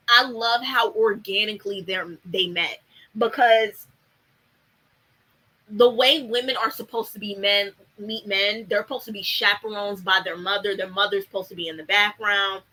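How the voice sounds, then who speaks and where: Recorded in low quality, a young woman with a medium, bright and forceful voice chats casually about a TV show at a moderate pace, her intonation fairly even. She's blunt, swears, and fills her talk with fillers.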